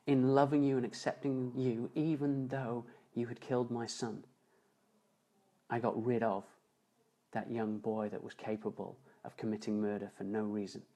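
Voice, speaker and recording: A man voicing a grieving, forgiving middle-aged mother in a story he is telling, speaking softly and tenderly. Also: medium pitch, steady tone, normal speed, lightly acted.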